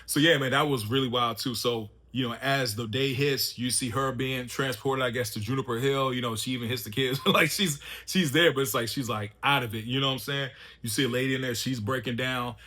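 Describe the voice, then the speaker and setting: A man recaps a TV episode in an easygoing review. His voice sits mid-range with a bright, forward edge. He talks loosely, in slang, and strings his thoughts together with fillers. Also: mid-range voice, fairly even intonation, brisk, hardly any pauses. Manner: loose and chatty, slangy, many fillers like "you know" and "man". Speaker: TV show reviewer. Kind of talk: casual spoken episode recap.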